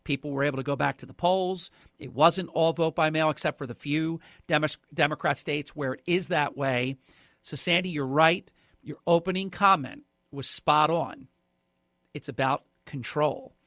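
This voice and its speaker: A man's voice: fairly high pitch, normal speed, a bit bright, no echo, studio quality. A man filling in as a radio talk show host, giving emphatic, opinionated commentary and speaking straight to callers.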